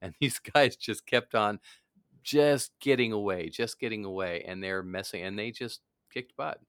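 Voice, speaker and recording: Low-voiced man rambling through a story. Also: normal speed, smooth, no room sound, clean studio sound. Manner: rambling storyteller, trails off and restarts. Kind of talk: casual chat.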